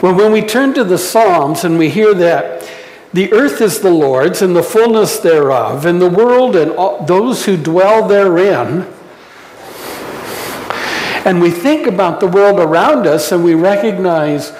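A man from the United States preaching a sermon in a slow, reflective way with pauses, recorded with a roomy echo and long reverb. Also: high-pitched, animated, darkish tone, slight background noise. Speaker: pastor.

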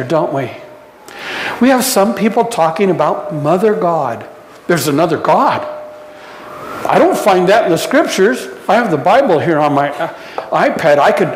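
A pastor preaching a sermon in a church, unhurried, putting questions to the congregation and adding light humor. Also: mid-range voice, a little hiss or hum. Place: church sanctuary. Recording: echoey church hall reverb.

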